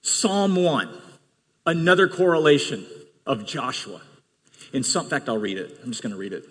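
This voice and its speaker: A male pastor preaching an energetic sermon to his congregation, swinging between loud bursts and quieter teaching. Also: medium pitch, normal speed, breathy edge. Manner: animated preaching with bursts of shouting. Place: church sanctuary. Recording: long reverb of a large hall.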